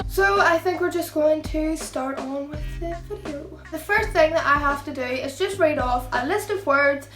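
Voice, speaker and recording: A woman's voice: high voice, fairly bright tone. A young woman with a Northern Irish accent, chatting casually to camera as a vlogger. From Northern Ireland. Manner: chatty, many fillers. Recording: echoey room with faint music.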